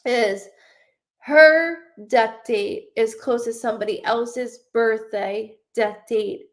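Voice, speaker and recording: A woman medium giving a live psychic reading, rambling and swearing, often restarting her sentences. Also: medium pitch. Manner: rambling, profane, frequent restarts.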